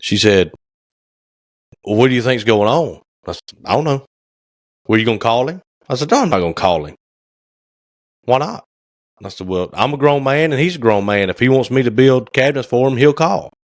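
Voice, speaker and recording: A man's voice: medium pitch, lively intonation, fairly quick, long pauses, dry recording, clean studio sound. A man, co-hosting a casual podcast chat and acting out phone calls as he tells stories. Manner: folksy storyteller, acts out phone calls. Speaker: podcast co-host, cabinet maker.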